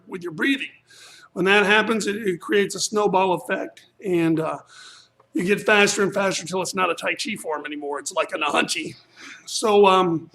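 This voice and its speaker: A man's voice: high-pitched, a bit bright. A man coaching a live-streamed workout as a martial arts instructor, casually talking through moves and counting breaths aloud. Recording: echoey room.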